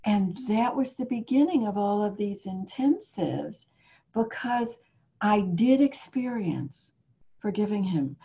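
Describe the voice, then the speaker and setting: A woman's voice: medium pitch, lively intonation, slow, mellow. A woman interviewer in a reflective spiritual conversation, telling her story earnestly and asking searching questions. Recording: slightly muffled lo-fi recording.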